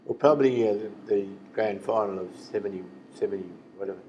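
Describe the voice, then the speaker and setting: A man's voice: lowish voice, fast talker, dark tone, a little hiss or hum, rough recording. A man in his seventies with an Australian accent, a former footballer telling rambling stories in a casual interview and acting out the voices he quotes. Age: 70s. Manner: rambling yarn-teller who acts out quoted voices.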